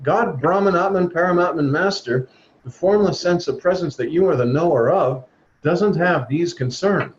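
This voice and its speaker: A man's voice: a little high, moderate pace. A man leading a spiritual talk over a video call, speaking earnestly and exhorting his listeners. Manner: earnest, exhorting, acts out quoted voices. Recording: dull lo-fi video call audio with faint noise.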